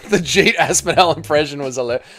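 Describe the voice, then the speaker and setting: Swearing Australian streamer chatting. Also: male voice, fairly high pitch, brisk, over music. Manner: swears casually, talks to his chat. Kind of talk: casual livestream reaction chat.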